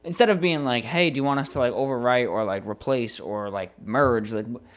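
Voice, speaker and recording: A man's voice: medium pitch, brisk. Exasperated man telling a tech saga. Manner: animated, exasperated storytelling with frequent swearing. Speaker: podcast co-host. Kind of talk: casual storytelling chat.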